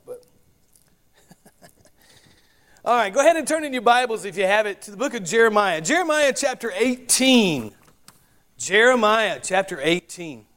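A man's voice: sits high, a bit bright. A man with a Southern US accent from North Carolina, preaching a sermon in a folksy, chatty way, with asides and spelled-out words. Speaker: pastor.

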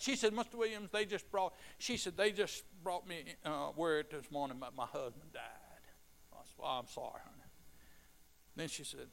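A middle-aged man preaching a sermon, telling stories quietly and then rising to shouted fervor. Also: high voice, big pitch swings, a little fast.

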